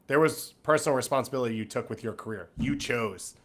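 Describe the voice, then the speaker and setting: A man's voice: mid-range voice, fast, fairly bright tone. A man co-hosting a podcast, chatting casually, teasing the guest and asking rambling questions. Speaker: podcast co-host.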